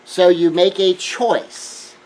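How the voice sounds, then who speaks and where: A man giving an earnest self-help lecture, shifting between hushed remarks and emphatic raised lines. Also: high-pitched, fairly even intonation, slow, poor audio. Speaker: speaker.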